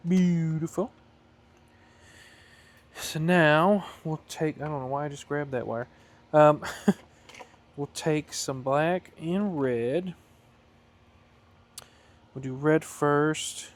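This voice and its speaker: Slow-talking man at a workbench. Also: on the high side. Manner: chatty, self-correcting, thinks aloud while working. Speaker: hobbyist building a flight-sim throttle. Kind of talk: casual workshop tutorial.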